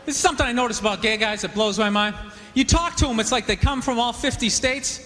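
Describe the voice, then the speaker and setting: A man doing a stand-up comedy set on a club stage, rambling and animated with constant "you know" asides. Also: extremely high pitch, fast talker, slight background noise. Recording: live club recording with reverb and crowd.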